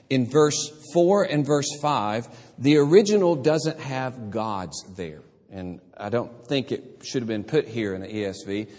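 A man's voice: medium pitch, darkish tone. A man preaching as a pastor, teaching carefully through a Bible passage and often restarting his words. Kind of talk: expository sermon. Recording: husky voice in a reverberant hall.

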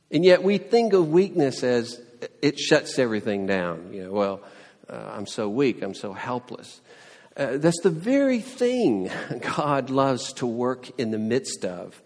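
A man's voice: a little high, vocal fry, a little mellow, in a large hall. A man preaching a sermon in an earnest, conversational way, often quoting prayers and scripture. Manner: earnest, with frequent restarts and quoted prayers. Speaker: pastor.

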